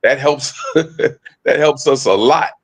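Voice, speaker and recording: A man co-presenting a casual online discussion, talking haltingly with many fillers and restarts, speaking on a phone. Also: medium pitch, breathy edge.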